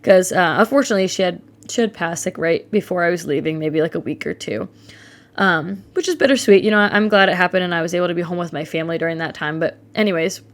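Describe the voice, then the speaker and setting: A woman's voice: lowish voice, quick pace. A woman in her twenties hosting a casual solo podcast, talking candidly and animatedly, swearing freely and mimicking the people she quotes. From Ohio. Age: 20s. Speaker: podcast host.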